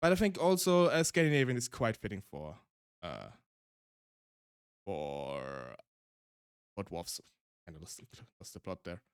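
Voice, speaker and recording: A man's voice: sits low, lively intonation, a little slow, long pauses, smooth, dry recording, studio quality. A male streamer with a German accent chatting casually, rambling with frequent restarts and laughs.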